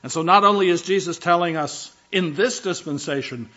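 A man's voice: on the high side, moderate pace, hardly any pauses, bright, forceful tone, highs cut off. A man preaching a sermon as pastor, emphatic, driving home key phrases by repeating them.

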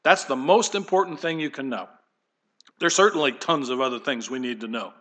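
A man's voice: medium pitch, a little fast, a bit bright. A man preaching a sermon in church, talking in a conversational, digressive way and speaking straight to the congregation and the kids. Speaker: pastor.

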